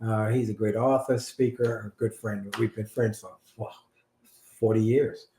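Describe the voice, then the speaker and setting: A man's voice: lowish voice, steady tone, a little slow, dark tone, reverberant. A middle-aged man co-hosting a marriage talk show, speaking with enthusiastic, preacher-like emphasis. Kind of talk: casual radio-style chat.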